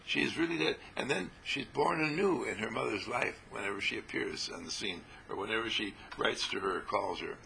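A man giving a rambling spiritual talk to a small group, animated and often laughing as he acts out little scenes. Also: fairly low pitch, fairly quick, creaky, few pauses, background noise. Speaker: spiritual teacher.

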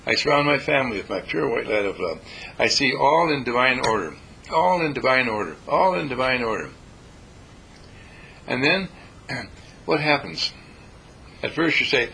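A man's voice: medium pitch, creaky, bright, forceful tone, rough recording. A man teaching meditation in a folksy, repetitive way, slipping into panicked voices to make his points, over faint noise. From California. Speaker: dean and spiritual teacher. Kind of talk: spoken meditation lesson.

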